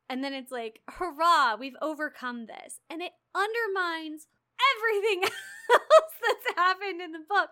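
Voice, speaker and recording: Young adult woman, high pitched, animated and profane book-chat co-host. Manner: animated, profane, laughing recaps. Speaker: podcast co-host. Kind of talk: casual book discussion.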